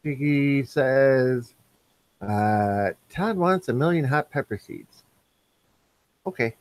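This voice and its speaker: A man's voice: medium pitch, lively intonation, slow pace, smooth, no echo. A man hosting a casual live stream, reading viewers' chat messages aloud and answering them.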